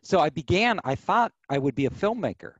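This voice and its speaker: Middle-aged man, high-energy storyteller, pitch swings wide, dry dull sound. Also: fairly quick, dry recording. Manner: animated, acts out quoted voices. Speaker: podcast guest. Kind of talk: storytelling interview.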